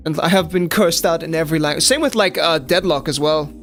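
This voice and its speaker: Young man, raspy-edged and slightly high, loose chatty gaming commentary. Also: brisk, fairly bright tone, faint music behind. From South Africa. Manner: casual, chatty, lots of "like" fillers, addresses chat. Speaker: streamer. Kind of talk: live gameplay commentary.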